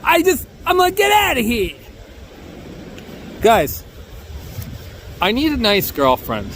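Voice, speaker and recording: A man's voice: sits high, a little hiss or hum. A man with a New York accent talking in a rambling, boastful, joking vlog monologue outdoors near a beach. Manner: boastful, joking, self-mocking, animated. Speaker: bodyboarding vlogger.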